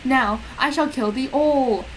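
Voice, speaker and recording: An evil male dark wizard who gloats in slow, old-fashioned threats, read aloud by a woman. The voice sits a little high, and a faint hiss runs behind it. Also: low-quality recording. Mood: gloating.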